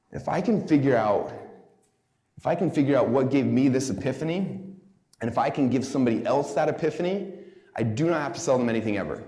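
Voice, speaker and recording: Brief: rapid-fire male seminar speaker, mid-pitched, excitable and chatty, talking directly to a small audience. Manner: excited, casual, heavy use of "like". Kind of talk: live seminar talk to a small group. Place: live event room.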